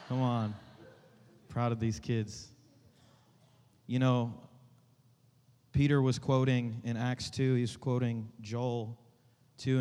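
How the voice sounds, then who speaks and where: Joking youth pastor in a hall. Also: male voice, mid-range voice. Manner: joking, rambling, rallies the room with call-and-response shouts. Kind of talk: casual church talk to a congregation. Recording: reverberant church hall.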